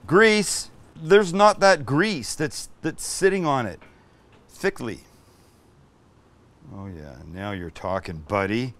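A middle-aged man hosting a cooking show, talking casually to the camera and his crew. He is enthusiastic and exclamatory, and his pitch sits in a middle range.

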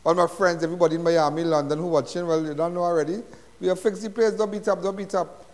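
A man's voice: sits high, steady tone, fast talker. Emphatic Trinidadian man with hall echo. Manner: chatty and emphatic, repeats phrases, folksy. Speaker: host of a crime talk show. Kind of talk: live talk-show monologue.

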